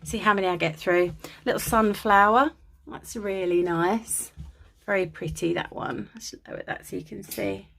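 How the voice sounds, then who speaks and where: A woman's voice: medium pitch, moderate pace, creaky, a bit bright. A woman from England giving a chatty, gushing show-and-tell of vintage linens from a dim room at home. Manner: gushing and chatty, with many ums. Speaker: crafter showing vintage linens. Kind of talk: casual show-and-tell vlog.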